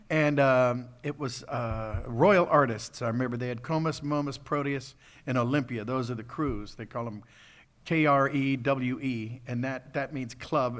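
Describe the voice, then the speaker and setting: A man's voice: medium pitch, fairly bright tone. An older man, a voice actor guest at a convention panel, telling rambling stories and chuckling often.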